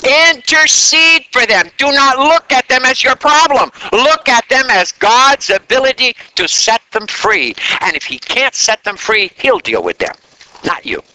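A man preaching a sermon in an animated way, drawing call-and-response answers from the congregation. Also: very high voice, measured pace, a little hiss or hum, low-quality recording.

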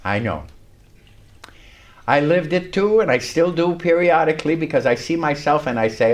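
A man's voice: on the high side, expressive, normal speed. An older man preaching a sermon in a church, telling a story with emphatic, rising lines. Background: congregation responding.

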